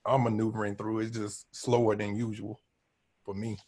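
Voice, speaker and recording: A man speaking on a video call as an A&R panelist, relaxed and conversational in a casual panel discussion. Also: fairly low pitch, moderate pace. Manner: relaxed, conversational, loose phrasing. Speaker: record label A&R panelist.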